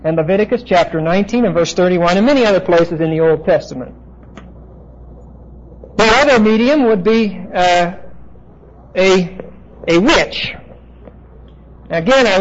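A man with a high voice gives a Bible lecture, working through terms at the board. He explains patiently and stops often on "uh" fillers. The recording is dull and lo-fi. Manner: explanatory, halting with frequent "uh" fillers. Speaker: Bible teacher.

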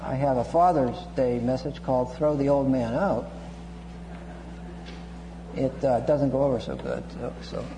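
This man speaks at medium pitch with lively intonation, a measured pace and long pauses. His expository Bible sermon is a teaching one, full of restarts, asides and Greek vocabulary. It was captured in an echoey hall with a hum.

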